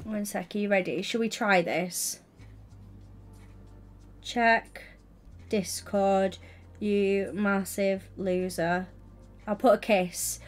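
A woman's voice: medium pitch, fairly even intonation, slow, pauses often, faint music behind. A young woman streaming, chatting casually and teasingly while building in a game. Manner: teasing, giggly, playful.

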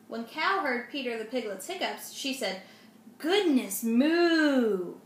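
Woman, reading a children's story aloud, expressive, high voice, echoey room. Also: moderate pace, a little hiss or hum. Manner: expressive, asides to young listeners. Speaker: storybook reader.

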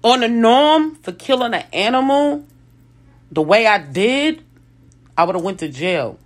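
A woman's voice: on the high side, a little slow. A woman telling a personal story in casual speech, full of restarts and self-corrections, acting out other people's lines. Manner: animated, restarts and self-corrections, lively quoted voices.

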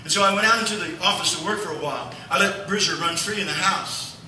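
Pastor guy telling a folksy story in a sermon, high-ish voice, heard from far back in a big echoey church. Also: fast talker, pushed and bright, slight background noise. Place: church sanctuary.

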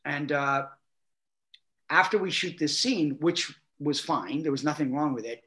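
Lively middle-aged man telling stories. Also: fairly high pitch, normal speed. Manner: animated, acts out quotes, laughs often. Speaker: guest actor. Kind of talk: anecdotal storytelling.

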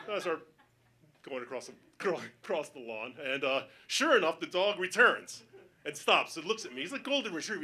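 A male stand-up comedian telling a story on stage, acting out the voices of other people and building up to panicked shouting. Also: fairly high pitch, animated, a little fast.

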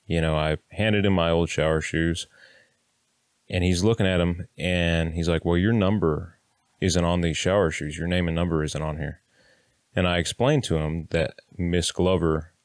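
Here a Kansas man in his thirties has a low, clear, resonant voice, recorded dry in a clean studio. Speaking to camera, he shares a personal story bluntly and plainly, with occasional swearing and acted-out quotes.

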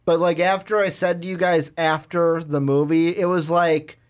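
Male co-host, casual film talk, slightly higher voice, rambly. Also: little pitch movement, moderate pace, clean tone. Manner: rambling, full of "like", acts out quoted lines. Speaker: movie review podcast co-host. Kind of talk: casual chat.

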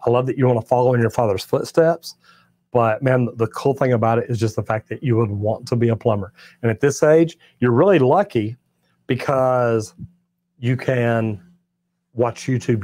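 A man's voice: medium pitch, darkish tone, no room sound. A middle-aged man from Texas, a master plumber hosting a live stream, answering viewer comments in a friendly, encouraging way and often repeating himself.

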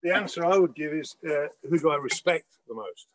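A man's voice: on the high side, animated, a little fast, no echo, poor audio. An older man hosting a casual cookalong, telling stories while he cooks. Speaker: celebrity cook host. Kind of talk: casual chat while cooking.

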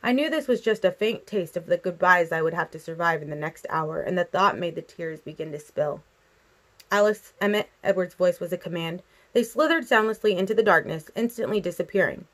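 A woman reading a novel aloud as a casual, expressive amateur audiobook narrator. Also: lowish voice, brisk. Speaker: audiobook reader.

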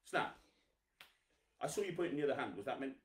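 A man hosting a live children's magic show, energetic, coaxing and teasing as he gets the viewers to clap and cheer. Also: mid-range voice, fast, roomy sound, recorded from a distance. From England. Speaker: host, magician.

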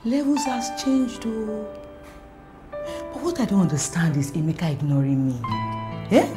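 A woman's voice: mid-range voice, steady tone, unhurried, over music, natural voice. An actress with a Nigerian accent playing a woman who grumbles about a young man ignoring her. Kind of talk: film drama acting.

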